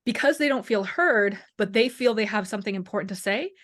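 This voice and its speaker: A woman talking casually as a wellness coach in an interview, animated and acting out quoted voices, peppering her speech with "like" and "you know". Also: mid-range voice, brisk. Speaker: chronic pain and wellness coach, guest.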